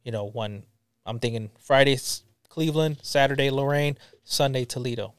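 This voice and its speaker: A middle-aged man sits in for a casual interview as a comedian guest, telling stories in a loose, rambling way full of restarts. His voice is smooth and clear at an ordinary pitch. The sound is dry and close. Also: moderate pace, no room sound.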